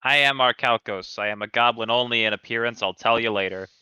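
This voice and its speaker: Bright, crisp-voiced male player. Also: medium pitch, a little fast, no echo. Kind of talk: in-character tabletop play. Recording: dull dry lo-fi audio.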